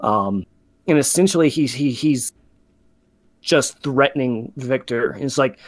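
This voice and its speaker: A man's voice: mid-range voice, unhurried, no room sound. A man narrating as game master in a tabletop game, talking loosely with many fillers and restarts.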